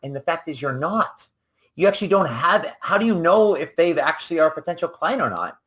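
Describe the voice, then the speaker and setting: A man's voice: a little high, very animated, brisk, fairly bright tone. A man hosting a solo coaching podcast, talking casually and rambling, often acting out the people he quotes. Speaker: business coach and podcast host.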